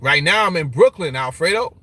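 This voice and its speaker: Guy with a high bright voice, mocking, casual rant answering comments. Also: fairly quick, no echo. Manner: animated, mocking, repeats "you understand?". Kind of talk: casual opinion talk. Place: Brooklyn.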